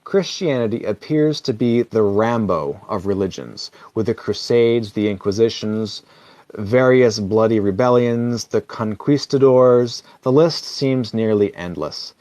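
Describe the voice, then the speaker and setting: A man's voice: lowish voice, lively intonation, a little slow, dark tone, dry recording. A man giving a casual comic reading, wry and digressive, chuckling at his own asides. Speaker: social video reader.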